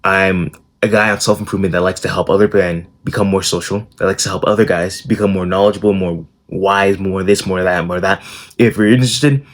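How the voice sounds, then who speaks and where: Low-voiced young man, blunt and casual. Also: steady tone, fairly quick. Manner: blunt and casual, swears freely. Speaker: self-improvement YouTuber. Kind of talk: casual storytelling vlog.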